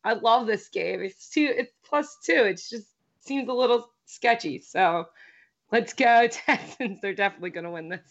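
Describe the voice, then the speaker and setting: A woman's voice: mid-range voice, moderate pace. Upbeat woman on a dull lo-fi line. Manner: upbeat, laughing, enthusiastic. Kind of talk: casual betting picks chat.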